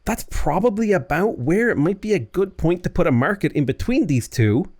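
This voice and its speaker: A man's voice: sits high, big pitch swings, moderate pace, darkish tone. A man chatting his way through a strategy game as a YouTuber, rambling and breaking off mid-sentence. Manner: chatty, rambling, self-interrupting.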